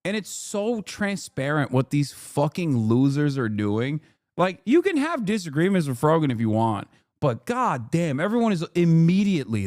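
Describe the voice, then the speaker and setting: A man's voice: a little high, sing-song, moderate pace, darkish tone, dry recording, studio quality. A man streaming a reaction video, ranting in a heated and profane way and firing off indignant rhetorical questions. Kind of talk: casual live-stream commentary.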